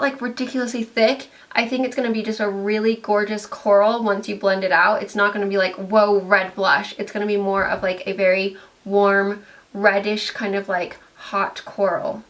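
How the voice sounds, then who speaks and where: A woman's voice: mid-range voice, a bit bright. A young woman vlogger chatting casually through a beauty product review, full of "like" and "um". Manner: chatty, lots of "like" and "um" fillers.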